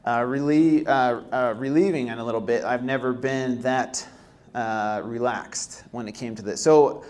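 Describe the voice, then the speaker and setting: A man's voice: medium pitch, steady tone, unhurried, darkish tone. A young man speaking to a workshop audience. His delivery is casual and loose, full of fillers and restarts. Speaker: presenter at a healthy living workshop. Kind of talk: live presentation talk. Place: workshop room.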